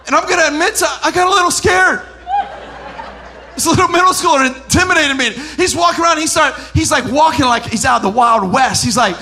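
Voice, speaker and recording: A man. His voice sits very high and rings bright and forceful. He swings between loud preaching and hushed, chatty storytelling. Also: animated, fast. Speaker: pastor. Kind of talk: sermon.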